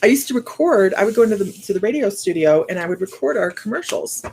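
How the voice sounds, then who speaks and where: A woman's voice: medium pitch, animated, quick pace, a little mellow, a little hiss or hum. A middle-aged woman hosting a casual livestream, chatty and upbeat, reading out viewer comments and laughing often. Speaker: psychic medium livestream host.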